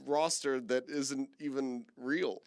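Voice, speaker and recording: A man casting a live esports show match in a lively, jokey way, now and then mimicking a whiny viewer. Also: medium pitch, slow. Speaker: esports caster.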